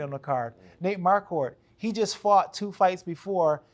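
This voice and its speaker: Man, fighter guest, animated storytelling, acts out quotes, higher-pitched voice. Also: measured pace. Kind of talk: storytelling in a podcast interview.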